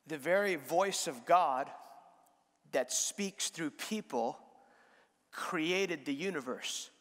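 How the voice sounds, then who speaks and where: A man preaching a sermon as guest speaker in a church, moving from slow, low statements to loud, repeated emphatic phrases, with frequent restarts. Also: lively intonation. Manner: repeats words and restarts while building a point. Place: church sanctuary. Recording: long reverb of a large church hall.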